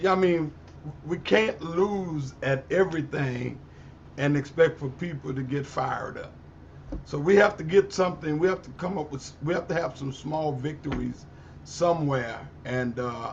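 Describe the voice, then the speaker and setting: A man, a pastor, speaking on a community panel in a deliberate way, searching for his words as he goes. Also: fairly high pitch. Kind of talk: panel discussion. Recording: muffled audio with faint background noise.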